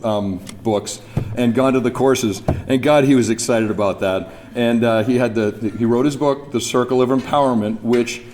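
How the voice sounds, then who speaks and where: A man's voice: medium pitch, normal speed, darkish tone. A man from New Brunswick, Canada, giving an anecdotal memorial speech at a podium, chuckling as he tells stories. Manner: storytelling, chuckling, imitates others. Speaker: speaker at a memorial event. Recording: mic speech with background noise.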